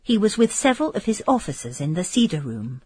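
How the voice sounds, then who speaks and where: A woman narrating a classic novel as an audiobook, in a measured, expressive reading with a breathy voice. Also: mid-range voice, no echo. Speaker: audiobook reader.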